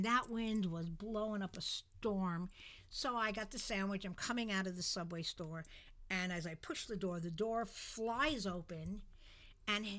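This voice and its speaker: A middle-aged woman telling a story in a casual podcast chat, animated and dramatic. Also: medium pitch.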